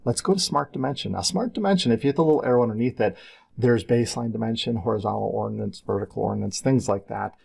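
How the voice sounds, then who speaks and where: A middle-aged man teaching a software class in a screen-recorded tutorial, talking casually and drifting into side stories. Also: fairly low pitch, quick pace, vocal fry, breathy edge. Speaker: CAD instructor.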